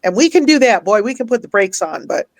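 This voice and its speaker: A woman's voice: a little high, very animated, fast, no room sound. A woman guest, a life coach and minister, telling a personal story earnestly and with feeling, laughing often and repeating phrases for emphasis, near tears at times.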